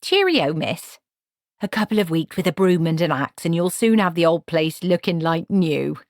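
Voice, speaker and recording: Woman voicing a folksy old witch woman, chatty, low voice, dry close sound. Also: animated, normal speed, dry recording. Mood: cheery.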